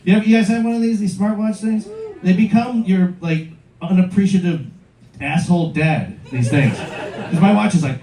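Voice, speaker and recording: A man's voice: high-pitched, normal speed, mellow, far from the mic. A middle-aged man from Michigan doing a loose, profane, self-mocking stand-up comedy set on a club stage into a handheld mic. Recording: roomy club sound from afar, audience laughter.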